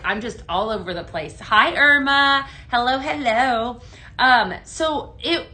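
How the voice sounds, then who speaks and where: Bright, chatty woman hosting a live sale. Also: on the high side. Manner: chatty, greets viewers by name. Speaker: live shopping host. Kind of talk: live-stream product demo.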